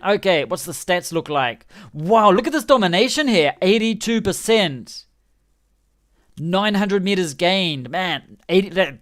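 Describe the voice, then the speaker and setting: A man streaming a rugby management game live, chatting and commentating excitedly as the match plays out. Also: high voice. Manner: excitable, chatty, laughing often.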